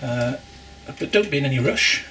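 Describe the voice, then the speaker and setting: A home brewer narrates a casual how-to vlog as he works, explaining his process with wry asides and a bit of effort while stirring. His mid-range voice is animated at a moderate pace, over loud background noise with clattering.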